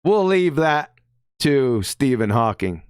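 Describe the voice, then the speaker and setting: Live-stream host, emphatic, mocking, rhetorical questions, animated pitch, dry sound. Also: takes it slowly, clean tone, dry recording. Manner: emphatic, keeps asking "right?"; mocking and combative. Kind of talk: live-stream commentary reading quotes.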